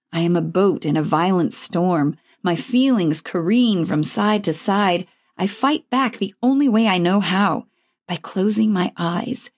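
A woman's voice: medium pitch, a little mellow. Woman narrating an emotional memoir. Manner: intimate, emotional, reflective. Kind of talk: first-person story narration.

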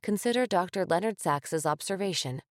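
Steady, firm woman narrator. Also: on the low side, moderate pace, dry recording, clean studio sound. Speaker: mother and book narrator. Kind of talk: scripted narration of a parenting book.

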